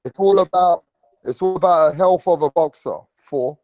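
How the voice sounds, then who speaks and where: A man hosting a casual live-stream about boxing, talking excitably and repeating himself with slang. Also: a little high, moderate pace, soft background music, rough recording. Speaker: livestream boxing host.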